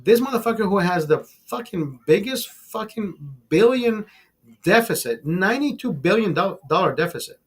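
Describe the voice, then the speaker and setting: High-voiced man on a profane rant. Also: animated, normal speed, breathy edge. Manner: profane, emphatic, calls listeners brother; repeats and restarts words while ranting. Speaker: livestream host. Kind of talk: casual livestream rant.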